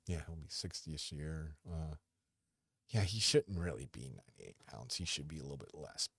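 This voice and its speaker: A man hosting a casual livestream from home into a desk microphone, rambling and halting, often talking fondly to his dog. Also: very deep voice, expressive, vocal fry, fairly bright tone, husky, dry recording, studio quality. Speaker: podcast host.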